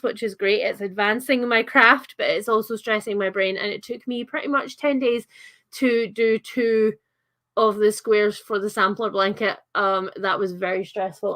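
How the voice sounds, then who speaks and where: A woman's voice: medium pitch, a bit bright. A young adult woman with a Scottish accent chatting on a livestream, reading out comments with lots of fillers and giggles. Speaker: livestream host.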